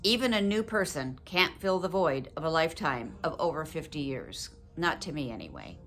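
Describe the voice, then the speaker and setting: An older woman talking to her viewers in a personal, heartfelt vlog, reflective, gentle and earnest, with emotion close to the surface. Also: deep voice, sing-song, normal speed. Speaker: widow sharing advice with her viewers.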